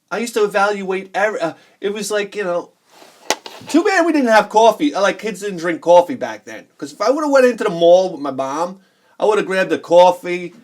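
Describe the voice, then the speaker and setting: A high-pitched man in his forties, a video game collector who vlogs, shows off his games while telling rambling childhood stories. He laughs often and acts out the people he quotes.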